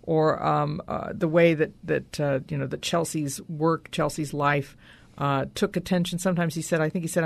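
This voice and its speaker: A man's voice: on the high side, fairly even intonation, moderate pace, gravelly. A man interviewing an author, asking long winding questions.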